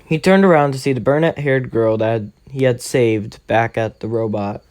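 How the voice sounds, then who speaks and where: A man's voice: mid-range voice, moderate pace, darkish tone. Casual rambling male storyteller. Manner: loose, rambling, many filler likes. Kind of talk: casual fan-story narration.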